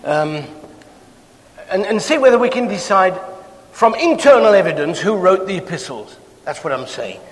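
English preacher in an echoing hall. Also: male voice, high voice, moderate pace. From England. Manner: self-deprecating, speeds up when excited. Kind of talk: Bible class talk. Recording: long hall reverb.

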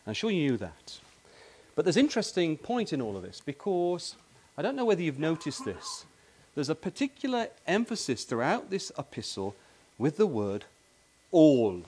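A man's voice: fairly high pitch, darkish tone. A man preaching a sermon in a tent meeting, emphatic and repetitive, often addressing his listeners as brothers and sisters.

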